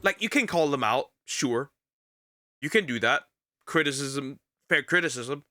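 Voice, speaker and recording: A man's voice: mid-range voice, animated, measured pace, sharp tone, dry recording, clean studio sound. A man reacting to a video as a streamer, talking casually and bluntly with some swearing. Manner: blunt, profane, ranting.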